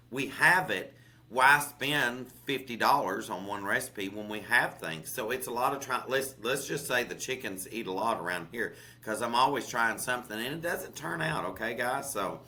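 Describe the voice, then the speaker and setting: A man's voice: mid-range voice, bright, forceful tone. A man with a Southern US accent, a chef co-hosting a podcast, chatting casually and folksily about recipes, often saying "honey" and "okay?". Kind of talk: casual cooking chat.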